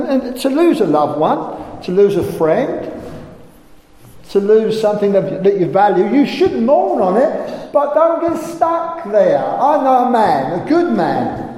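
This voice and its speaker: A man's voice: sits high, mellow. An older man preaching a sermon, emphatic and full of rhetorical questions. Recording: echoey hall, faint room noise.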